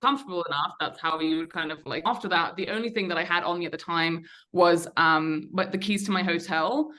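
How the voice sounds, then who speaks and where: A woman's voice: fairly low pitch, fairly quick, pushed and bright. A young woman on a podcast, candidly recounting a personal story in a chatty way, with lots of fillers and restarts. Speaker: podcast guest. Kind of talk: conversational storytelling.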